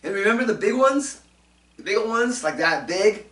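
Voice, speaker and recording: A man's voice: high-pitched, animated, moderate pace, a bit bright, roomy sound, distant mic. A man hosting a casual talk show, rambling through his commentary with lots of fillers and restarts. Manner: rambling, many fillers and restarts, chuckling asides. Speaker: show host doing commentary segments.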